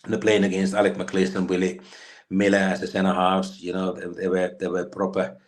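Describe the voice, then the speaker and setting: Finnish ex-footballer, 50s, deep voice, loose anecdotal delivery with lots of ums. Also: male voice, completely flat delivery, fairly quick. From Finland. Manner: rambling, many fillers and restarts. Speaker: guest, former footballer. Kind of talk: storytelling interview.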